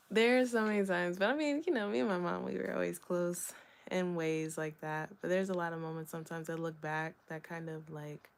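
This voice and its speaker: Candid woman musing aloud, lowish voice. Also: steady tone, moderate pace, gravelly. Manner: candid, rambling, many fillers and soft laughs. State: hiccups. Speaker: vlogger. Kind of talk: reflective solo vlog talk.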